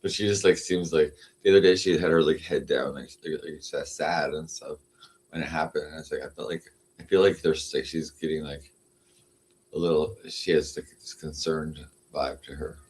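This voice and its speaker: A man's voice: very deep voice, fairly even intonation, normal speed, darkish tone. A man chatting casually on a livestream, meandering and full of fillers, now and then cooing at his cat. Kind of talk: casual rambling livestream chat.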